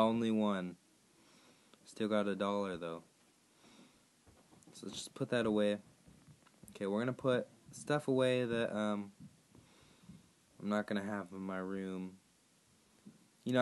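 A hoarse man who has partly lost his voice, chatting casually to viewers as he plays a game and sets tasks for them. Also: lowish voice. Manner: rambling, chatty, addressing viewers directly. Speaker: gaming YouTuber. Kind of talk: casual gameplay commentary.

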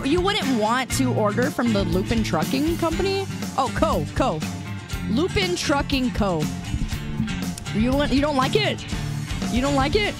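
A woman's voice: high voice, sing-song, measured pace, over loud music. A young woman streamer chatting casually with her viewers, bantering playfully and teasing back with mock defensiveness.

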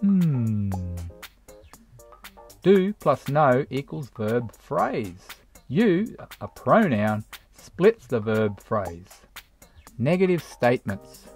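A narrator giving a scripted grammar lesson for English learners, explaining each point slowly and deliberately with read-out examples. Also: medium pitch, big pitch swings, darkish tone, faint music behind. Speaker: English teacher.

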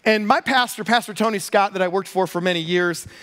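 A pastor preaching a sermon, telling a personal story with lively, self-deprecating humor. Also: male voice, sits high, a little fast.

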